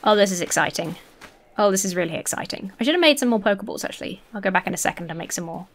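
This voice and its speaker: A woman's voice: medium pitch, expressive, rapid-fire, a little hiss or hum. A woman hosting a casual let's-play, chatty and gushing, swearing casually, with faint game music behind her. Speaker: gaming video host.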